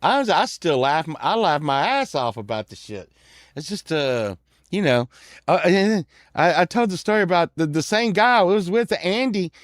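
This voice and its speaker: A man's voice: high voice, sing-song, normal speed, dry recording, clean studio sound. A middle-aged man rambling through a crude childhood story, often laughing at it. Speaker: vlogger telling a childhood story.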